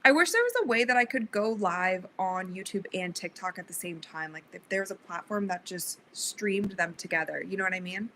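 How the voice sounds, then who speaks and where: Bright-voiced young woman livestreaming. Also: mid-range voice, brisk, hardly any pauses, a little hiss or hum, poor audio. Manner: chatty, reads viewer comments aloud, laughs often. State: sleepy, yawning. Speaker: livestream host. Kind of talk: casual livestream chat.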